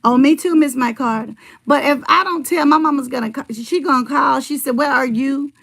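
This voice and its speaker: A woman's voice: high-pitched, fairly quick, creaky, a bit bright. A middle-aged woman rambling in casual livestream chat, telling family stories and answering her viewers' comments.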